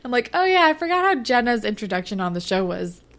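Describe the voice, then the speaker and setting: A young woman co-hosting a casual recap podcast, her voice high and bright. She talks fast and gets animated, putting on exaggerated voices whenever she quotes the characters. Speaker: podcast co-host.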